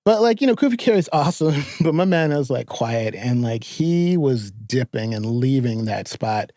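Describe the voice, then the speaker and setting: A middle-aged man from New York, a podcast guest telling stories in a lively, profane, laughing way. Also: medium pitch, moderate pace, no echo, clean studio sound. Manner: animated, profane storytelling with frequent laughter. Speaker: podcast guest, therapist and filmmaker. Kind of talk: casual storytelling interview.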